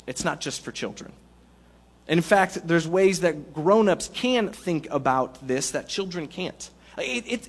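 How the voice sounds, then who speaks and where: A man preaching a sermon in a lively, conversational way with playful asides. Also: on the high side. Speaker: pastor.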